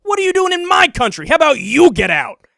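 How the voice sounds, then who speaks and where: Commentator doing a furious man telling off protesters, loud and high. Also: very animated, a little fast, creaky, no room sound, clean studio sound, exaggerated voice. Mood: angry, scolding. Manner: shouting, scolding. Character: furious Native American man berating protesters.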